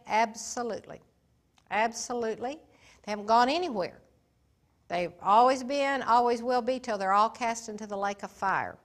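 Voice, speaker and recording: A woman giving an informal Bible teaching in a folksy, emphatic way, swinging between soft and loud. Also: on the high side.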